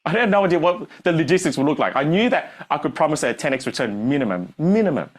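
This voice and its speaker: A man's voice: on the high side, lively intonation, fast talker. A man, a business coach telling a story on stage to a live audience and acting out the dialogue.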